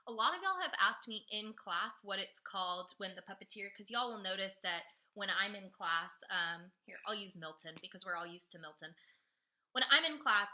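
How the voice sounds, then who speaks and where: Woman, teacher, classroom video lesson, upbeat, chatty, very bright tone. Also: medium pitch. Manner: upbeat, chatty, explains step by step.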